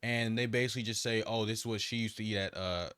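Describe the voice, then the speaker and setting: A man hosting a casual reaction commentary, talking in a slangy, rambling and mocking way. His voice sits fairly low and sounds close and dry, with no room around it. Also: fairly even intonation, fast talker, fairly bright tone, smooth, no room sound. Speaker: commentary host.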